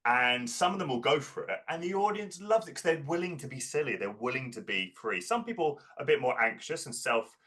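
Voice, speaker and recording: A man who coaches performers tells lively stories in a relaxed interview. His voice is bright and forward, and he often stumbles over the start of a sentence. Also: medium pitch, brisk, hardly any pauses. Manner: animated storyteller, repeats words. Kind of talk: casual interview chat.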